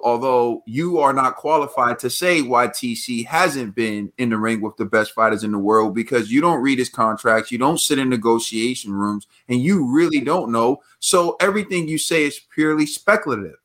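A man's voice: medium pitch, a bit bright. A man co-hosting a boxing talk show, laying out an argument point by point. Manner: measured, argues point by point. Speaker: podcast co-host. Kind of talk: casual boxing chat.

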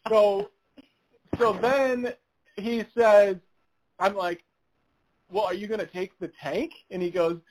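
Speaking slowly with long pauses, a high-pitched man co-hosting a podcast recounts a funny story, voicing the other characters' quotes and laughing along. The audio quality is poor.

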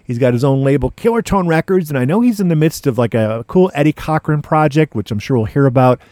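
A man's voice: fairly high pitch, animated, fast, a little mellow, dry recording. A man hosting a music show as DJ, chatting casually between records in laid-back hipster slang. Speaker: radio DJ and podcast host.

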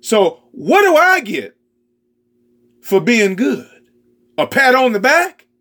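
Brief: preacher puts on a resentful older brother, high voice, slow and aggrieved. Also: male voice, very animated, bright, forceful tone, heavily acted. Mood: indignant. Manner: indignant, cries out. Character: resentful hardworking older son, young man.

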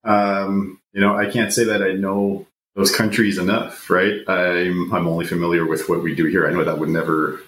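Male immunologist guest, very low voice, hesitant; roomy remote audio with faint hiss. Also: little pitch movement, fairly bright tone. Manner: hesitant, measured, many fillers. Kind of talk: casual panel discussion.

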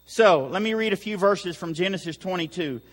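A man's voice: high voice, normal speed. A man preaching a sermon to his church, emphatic and building in volume, with touches of humor. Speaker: pastor. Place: church sanctuary. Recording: long hall reverb.

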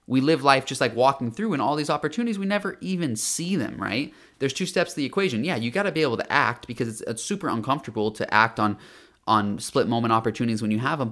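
A man's voice: medium pitch, fairly bright tone. A man hosting a motivational monologue, talking energetically with emphasis and many fillers and restarts.

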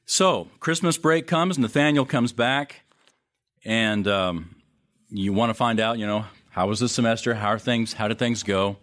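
A middle-aged man with a fairly low voice delivers a sermon as an unfolding story. He swings between raised, urgent lines and quiet drops, often restarting his phrases. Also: a little slow. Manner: storytelling, wide swings in pitch and loudness, hesitant restarts. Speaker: pastor.

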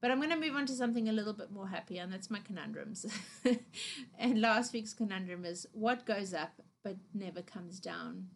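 A woman's voice: medium pitch, expressive, normal speed, creaky. A young woman hosting her own podcast from her couch at home, talking in a rambling, chatty way with fillers and little laughs. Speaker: podcast host. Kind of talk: casual solo podcast chat.

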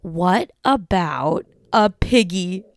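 A woman's voice: lowish voice, lively intonation, drawn-out words, no room sound, studio quality. A woman hosting a sing-along music time for toddlers, cheery and coaxing, asking the children playful questions. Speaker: children's music podcast host.

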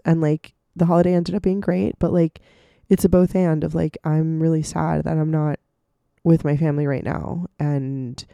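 Hoarse woman podcast host. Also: low-pitched, no echo, studio quality. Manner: warm, reassuring, many fillers like "you know". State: hoarse, recovering from a lost voice. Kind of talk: casual solo podcast talk.

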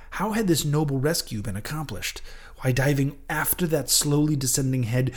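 A man narrating an audiobook of a classic novel in a dramatic, expressive reading. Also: mid-range voice.

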